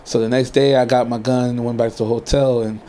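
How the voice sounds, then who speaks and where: A man's voice: medium pitch, level tone, quick pace, mellow, a little hiss or hum. Laid-back man swearing casually. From California. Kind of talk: casual chat.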